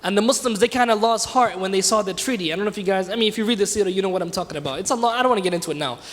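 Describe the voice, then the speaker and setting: High-voiced man teaching in a reverberant hall. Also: racing. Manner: conversational, asks the class questions. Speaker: teacher leading a class. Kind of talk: religious lesson with storytelling. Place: mosque hall.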